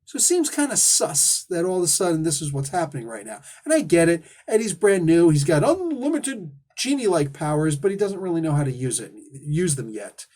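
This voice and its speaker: A man's voice: a little high, very animated, brisk, hardly any pauses, darkish tone. A man hosting a casual comic book review, talking in an enthusiastic, rambling, casually profane way.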